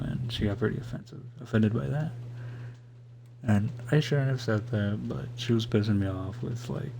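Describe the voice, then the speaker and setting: A young man tells a story on his live stream with a low, gravelly voice. He rambles, swears freely and keeps restarting his sentences. A clear, steady hum sits under the whole recording. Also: moderate pace. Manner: rambling, profane, full of "like" and restarts.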